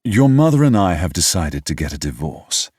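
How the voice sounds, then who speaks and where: A man's voice: deep voice, sing-song, moderate pace, darkish tone, slightly rough, no echo, studio quality, exaggerated voice. A man reading an audiobook voices a snobbish, wry British father who grumbles in a clipped, proper way. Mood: sombre. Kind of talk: audiobook character voice.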